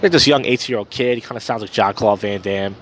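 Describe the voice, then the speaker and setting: A podcast host talks fast in a fairly low, fairly bright voice while walking a street at night. He chats casually on his own about his week, using fillers and cursing, over a faint hiss or hum.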